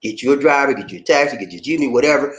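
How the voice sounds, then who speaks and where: A man's voice: animated, racing. A man hosting a casual livestream, reading out viewer comments in a laid-back way, calling people "man" and "buddy" and laughing often. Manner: pitch swings widely between low asides and high exclamations. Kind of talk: casual live chat.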